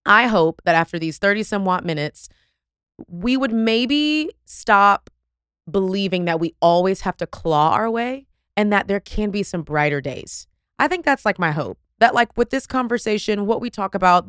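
A woman, hosting a podcast interview in an effusive, animated way with casual slang. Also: mid-range voice, clear, resonant tone, no echo, studio quality. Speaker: podcast host.

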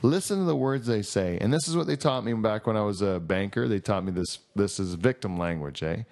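A man's voice: lowish voice, fairly quick, darkish tone. A young man co-hosting a podcast in casual chat, rambling and swearing freely, a bit tipsy after a long night of drinking. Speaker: podcast co-host.

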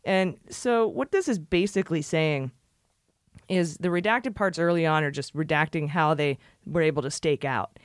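A woman's voice: deep voice, moderate pace, no echo, clean studio sound. A woman hosting a podcast, reading through a report and making casual jokes about it. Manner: jokey, chatty, laughs often. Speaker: podcast host.

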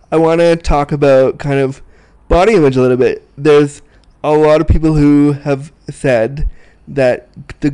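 Chatty podcast host, mellow and smooth. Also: male voice, mid-range voice. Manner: chatty, excitable, laughs often. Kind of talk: casual podcast interview. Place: small apartment room. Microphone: desk mic, guest sharing it.

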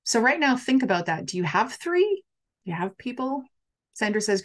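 A woman's voice: mid-range voice, moderate pace. A middle-aged woman coach talking candidly on a live stream, reading out viewer comments and acting out her own past worries. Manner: candid, expressive, acts out her own quoted thoughts.

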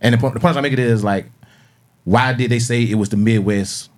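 A man's voice: mid-range voice, fairly quick. A man on a casual podcast, rambling through musing questions and cursing freely. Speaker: podcast co-host.

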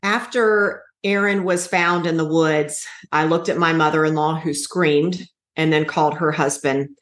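A woman's voice: low voice, steady tone. Earnest woman in an echoey room. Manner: earnest, halting with restarts. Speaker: guest. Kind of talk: emotional personal storytelling.

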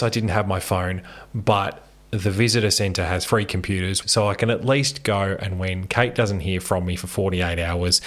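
Wry man with a lowish voice. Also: fairly bright tone. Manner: wry, self-deprecating humour. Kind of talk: casual chat.

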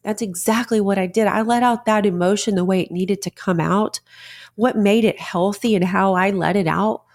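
A woman's voice: mid-range voice, darkish tone. A middle-aged woman hosting a podcast, talking earnestly and conversationally with many fillers and restarts. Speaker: podcast host, author. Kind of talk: casual monologue.

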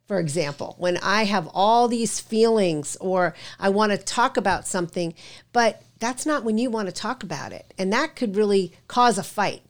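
A woman's voice: mid-range voice, normal speed. A middle-aged woman co-hosting a podcast, chatting casually and affirming her husband's points. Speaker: podcast co-host, pastor's wife. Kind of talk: casual chat.

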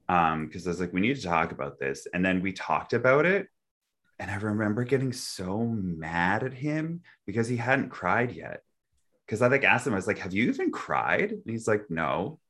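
A man hosting a casual chat, telling a personal story with lots of "like" fillers and an expressive delivery that swings from quiet to loud. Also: lowish voice. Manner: heavy use of filler "like".

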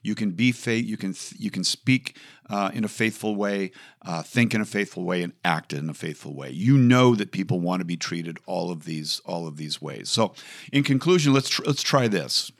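A man's voice: sits low, animated, moderate pace, creaky. A man hosting a faith talk show, teaching in an earnest, coaxing way with rhetorical questions. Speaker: radio show host.

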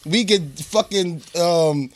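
A man's voice: high-pitched, takes it slowly. A man co-hosting a podcast, chatting casually and laughing as he jokes back and forth. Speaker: podcast co-host. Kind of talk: casual storytelling chat.

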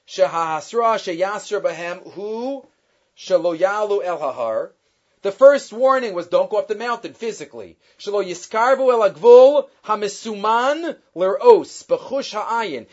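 A man giving a weekly Torah class, quickly reading Hebrew sources and explaining them in English with lively emphasis. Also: sits high, muffled recording. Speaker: Torah teacher.

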